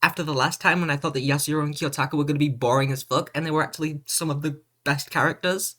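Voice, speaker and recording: A game streamer casually chatting with viewers, playful and quick to laugh, reading and answering chat comments. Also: medium pitch, fairly even intonation, a bit bright.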